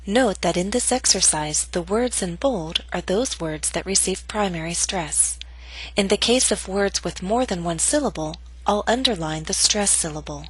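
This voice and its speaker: A woman teaching English pronunciation, reading scripted instructions and slow model sentences for learners to repeat. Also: fairly low pitch, expressive, slightly rough, no room sound, poor audio.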